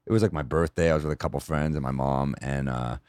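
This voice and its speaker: A young man chatting casually as a podcast guest, quick and eager, laughing often. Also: very deep voice, steady tone, darkish tone, smooth, no room sound, clean studio sound. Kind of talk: casual chat.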